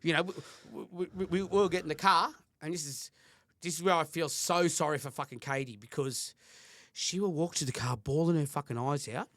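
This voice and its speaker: A man's voice: a little high, brisk, fairly bright tone, no echo, clean studio sound. A middle-aged Australian man co-hosting a podcast, telling a heated story in casual chat and swearing constantly. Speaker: podcast co-host.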